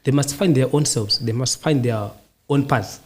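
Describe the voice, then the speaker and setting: A podcast host with a medium-pitched, slightly mellow voice speaks at a moderate pace. He gives casual, reflective interview answers built from short, repeated statements.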